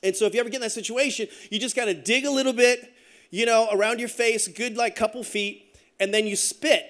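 A middle-aged man preaching a sermon as pastor, telling stories with joking asides in an animated way. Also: very high voice, a little fast.

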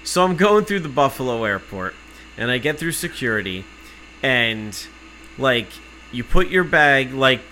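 A man's voice: medium pitch, sing-song, unhurried, sharp tone, a little hiss or hum. A man telling an angry, sarcastic story in casual chat, swearing freely. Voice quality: profane, sarcastic. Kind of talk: casual chat, ranting anecdote.

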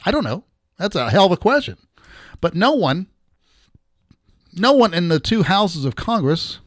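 Rambling, blunt man with a higher voice. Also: no echo, studio quality. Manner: rambling, halting, with many restarts; blunt and sarcastic. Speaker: podcast host. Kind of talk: casual political commentary.

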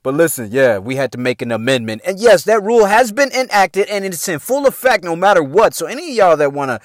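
A man in his forties hosting a podcast, telling a family story in a loud, profane, comic way and laughing often. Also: sits high, quick pace, no echo, clean studio sound. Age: 40s. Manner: animated, swearing, laughs often, acts out quotes. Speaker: podcast host.

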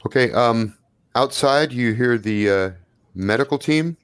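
A man narrating a tabletop role-playing game as game master, in a relaxed, loose way with plenty of fillers. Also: mid-range voice, measured pace, clear, resonant tone.

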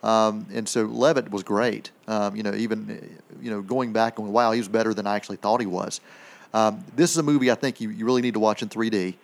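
A man's voice: on the low side, steady tone, brisk, vocal fry. A man co-hosting a radio film segment, reviewing movies in casual chat, rambling with many fillers and restarts.

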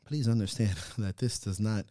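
A man co-hosting a podcast, talking in an earnest, reflective way that swings into loud, laughing rants. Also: lowish voice, normal speed, dry recording, clean studio sound. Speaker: podcast co-host. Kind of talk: casual reflective chat.

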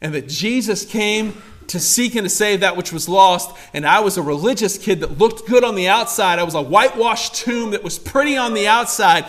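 A man's voice: high voice, animated, moderate pace, fairly bright tone. A man in his forties preaching a church sermon, emphatic and conversational, repeating his key lines. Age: 40s. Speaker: pastor. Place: church service.

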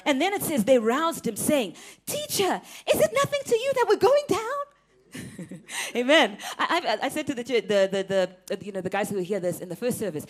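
A young woman preaching a sermon, animated and emphatic, laughing often and repeating words for effect. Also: on the high side.

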